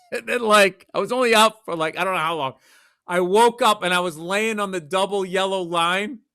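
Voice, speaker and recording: A middle-aged man co-hosting a podcast, telling animated, profane childhood stories in casual chat. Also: high-pitched, smooth. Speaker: podcast co-host.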